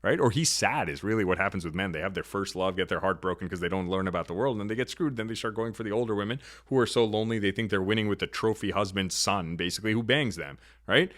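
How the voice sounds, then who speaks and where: A man hosting a talk show, giving an opinionated monologue in an assertive, lecturing way that swings in pitch and loudness. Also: quick pace, hardly any pauses, dry recording, clean studio sound. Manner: assertive, lecturing, shifts pitch and volume often. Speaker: podcast host.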